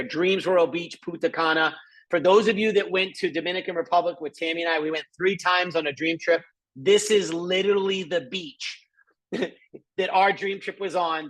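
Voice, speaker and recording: A middle-aged man giving an excited, chatty sales presentation over a live screen share, with lots of asides to viewers. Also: on the high side. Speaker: presenter of a travel membership.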